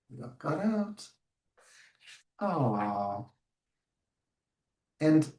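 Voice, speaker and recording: A man's voice: high voice, extremely slow, long pauses. Man reading aloud in an echoey room. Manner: animated storybook reading with asides and self-corrections. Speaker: early childhood educator. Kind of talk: modeling a read-aloud in a webinar. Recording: roomy sound, distant from mic.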